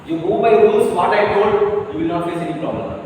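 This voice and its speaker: A man teaching a French lesson in English, speaking slowly and repeating each sound and letter many times. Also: high-pitched, a little mellow, a little hiss or hum. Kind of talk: online language lesson. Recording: echoey room heard from a distance.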